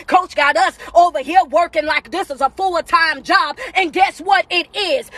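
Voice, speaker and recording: A woman with a very high voice and delivers a motivational talk. She preaches in call-and-response style and leans on repeated refrains. The sound is dry and close to the mic. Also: moderate pace, few pauses, a bit bright, no room sound. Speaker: motivational speaker. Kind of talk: live-streamed motivational talk.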